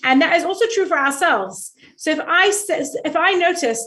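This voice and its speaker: A woman speaking as a guest expert on a talk show, giving animated advice and acting out little quoted exchanges. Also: high-pitched, moderate pace. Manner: lively, acts out quoted dialogue, rhetorical asides.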